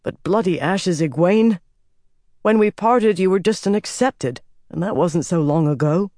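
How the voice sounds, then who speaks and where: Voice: mid-range voice, lively intonation, unhurried, a little mellow, no echo, studio quality, voice pushed up. A narrator voicing a young prince who speaks in a stubborn, insistent and earnest way.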